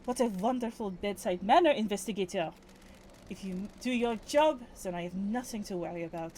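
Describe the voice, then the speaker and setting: A woman's voice: mid-range voice, brisk, mellow, a little hiss or hum, natural voice. Woman plays a game's dead woman with a put-on French accent, musing and teasing. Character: dead woman awaiting justice, calm and philosophical.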